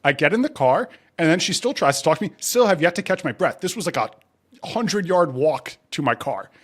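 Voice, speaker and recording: A man guesting on a podcast, telling a self-mocking story in a casual, animated way. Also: a little high, a little fast, breathy edge.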